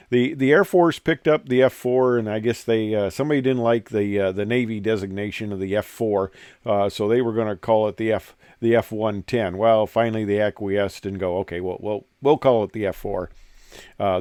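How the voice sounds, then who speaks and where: A man's voice: medium pitch, a little mellow, dry recording, clean studio sound. Older man rambling with many fillers. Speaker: host and former pilot. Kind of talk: casual talk over pictures.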